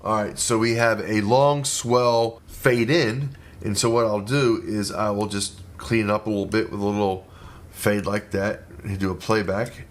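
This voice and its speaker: A middle-aged man and musician talking casually through his studio work, relaxed and rambling with plenty of fillers and restarts. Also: lowish voice, a little slow, noisy background.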